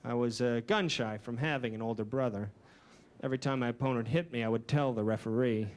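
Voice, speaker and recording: Deadpan male stand-up comic, noisy tape. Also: medium pitch, a little fast. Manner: dry, deadpan delivery with self-deprecating asides. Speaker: stand-up comedian. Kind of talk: stand-up comedy routine. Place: comedy stage before a live audience. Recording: noisy early 1990s VHS recording.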